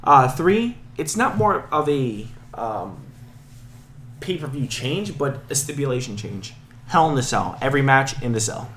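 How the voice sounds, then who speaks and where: A man's voice: medium pitch, very animated, measured pace, fairly bright tone, a little hiss or hum. A man co-hosting a casual wrestling chat, joking and stumbling over names as he talks. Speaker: podcast co-host.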